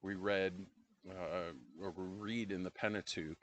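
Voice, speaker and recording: A middle-aged man co-hosting a podcast, leading a Bible study in a relaxed, conversational way with frequent pauses. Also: low-pitched, a little hiss or hum. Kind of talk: casual Bible-study discussion.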